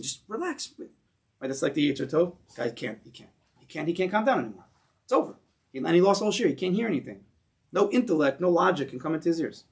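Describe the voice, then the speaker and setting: An American man with a fairly high voice gives a Torah class to a synagogue congregation. He speaks animatedly and poses rhetorical questions to his listeners.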